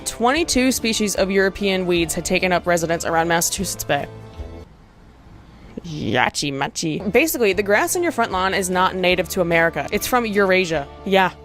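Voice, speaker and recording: A woman's voice: medium pitch, fast talker, hardly any pauses, faint music behind. A young woman ranting to camera in a sarcastic, profane, exasperated commentary vlog, breaking into laughs. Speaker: video essayist.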